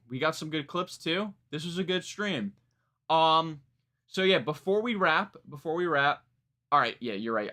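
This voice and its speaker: A man's voice: fairly high pitch, bright, forceful tone. A man reviewing music on a live stream, chatting casually and rambling, often starting over and laughing at himself. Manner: rambling, many fillers and restarts, laughs at himself. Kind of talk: live stream reaction chat.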